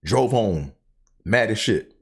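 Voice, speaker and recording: A man's voice: lowish voice, animated, slow, slightly rough. A man hosting his own show, telling stories in a casual, profane, joking monologue. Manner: profane, laughing storyteller. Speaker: host.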